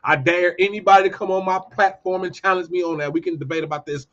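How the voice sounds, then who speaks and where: A man hosting his own show, giving a heated, profane commentary monologue and telling animated stories. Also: sits high, quick pace, highs cut off. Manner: profane, ranting, animated storytelling. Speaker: podcast host.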